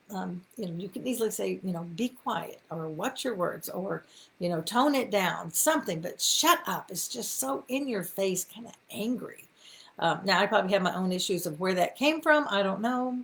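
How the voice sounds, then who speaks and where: A woman's voice: medium pitch, fairly bright tone. A middle-aged woman, hosting a live faith talk in a folksy, encouraging way with many ums and asides. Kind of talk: casual live-stream teaching.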